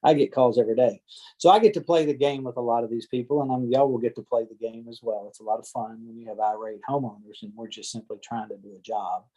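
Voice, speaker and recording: A fast-talking land surveyor with a mellow, steady, mid-range voice leads an informal video-call training for real estate agents. Folksy and talkative, he plays out the voices of angry property owners. He's in a home or office on a computer or headset mic, and the recording quality is low.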